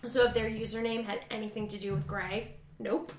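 A woman's voice: mid-range voice, level tone, a little fast, echoey room, a crowd in the background. A woman chatting casually about dating, reflective and hesitant, often correcting herself. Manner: reflective, hesitant, self-critical.

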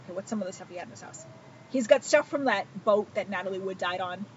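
A woman hosting a podcast in casual chat, who laughs often and reacts quickly. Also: mid-range voice, far from the mic. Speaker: podcast host. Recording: dull lo-fi audio with crowd noise.

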